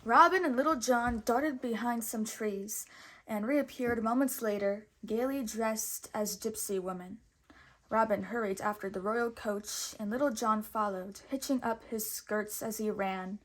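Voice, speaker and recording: Slow-reading woman with a high voice. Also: a bit bright. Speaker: teacher reading aloud. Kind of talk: storybook read-aloud.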